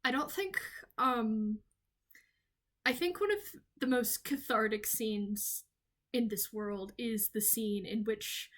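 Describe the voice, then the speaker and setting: A woman's voice: fairly high pitch, a bit bright. A young woman from the Southern US, talking off the cuff in a rambling, enthusiastic video essay full of ums and restarts. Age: young adult. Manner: enthusiastic, gushing. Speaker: video creator.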